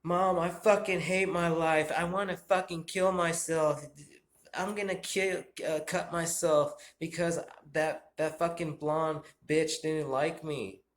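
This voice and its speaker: A man voicing his imagined teenage son, a foul-mouthed upset boy with a high whining yell. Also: steady tone, slow pace. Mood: angry. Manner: high shouting whine.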